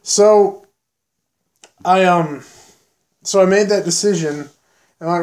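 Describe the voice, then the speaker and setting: A young man hosting a casual podcast chat, animated and swearing freely as he tells stories. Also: high voice, slow, pauses often. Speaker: podcast host and film director.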